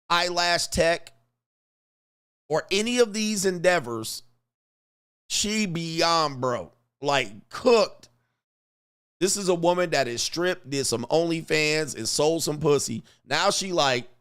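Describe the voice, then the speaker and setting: A man's voice: a little high, a bit bright, smooth. A man hosting casual commentary, brash and slangy, chuckling often and hammering his punchlines. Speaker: commentary host.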